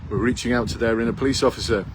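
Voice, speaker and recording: A blunt man in his fifties coaches would-be police recruits, firing off rhetorical questions in a challenging tone. His voice sits at an ordinary middle pitch. Faint town sounds and passing traffic hum behind him outdoors. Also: fairly even intonation, racing. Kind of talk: direct advice to camera.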